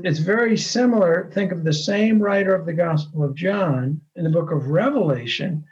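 Man pastor, earnest measured sermon delivery, lo-fi dull sound. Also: on the high side, a little mellow. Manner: earnest, measured preaching with frequent verbal restarts.

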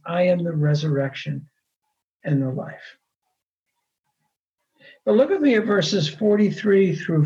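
High-voiced preaching man, muffled sound. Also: darkish tone. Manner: earnest, measured preaching with frequent verbal restarts. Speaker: pastor. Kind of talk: sermon.

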